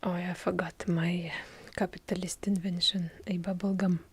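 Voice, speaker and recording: A woman's voice: lowish voice, level tone, moderate pace, husky. A woman whispering ASMR in a heavy Russian accent, rambling in a playful mock-serious way and often drifting off topic. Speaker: ASMR channel host. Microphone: handheld field recorder, close.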